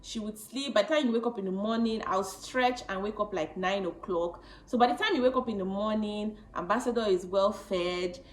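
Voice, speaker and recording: A woman in her late twenties telling a personal story to camera, chatty and animated, often laughing. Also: mid-range voice, normal speed, hardly any pauses, roomy sound, low-quality recording. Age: late 20s. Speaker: vlogger.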